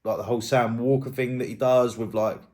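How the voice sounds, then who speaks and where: A man's voice: medium pitch, fairly even intonation, brisk, a little mellow. A man giving casual, rambling commentary as a YouTube drama host, thinking aloud and hedging as he goes.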